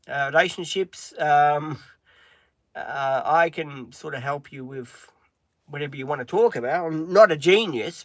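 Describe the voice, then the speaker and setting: Middle-aged man, casual live-streamer, rambling and full of ums, slightly high pitch, dry close sound. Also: measured pace, no room sound. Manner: rambling, with many filler ums; breaks off to talk to his dog. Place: inside a van.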